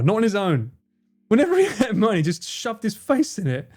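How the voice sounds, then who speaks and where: A male streamer chatting live, his pitch swooping up and down as he giggles through the banter. He swears casually and reacts to messages from his chat, with soft music in the background. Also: huge pitch swings, brisk. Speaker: livestream host.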